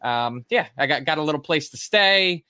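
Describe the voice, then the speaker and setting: Laid-back male co-host, bright tense tone, laughs easily. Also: on the high side, animated, normal speed. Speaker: podcast co-host. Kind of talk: casual sports chat.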